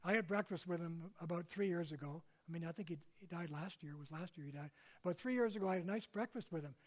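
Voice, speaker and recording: A man's voice: a little high, quick pace. An older man from Canada giving a public lecture in a conversational way, often checking in with his listeners. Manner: conversational, frequent tag questions. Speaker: speaker.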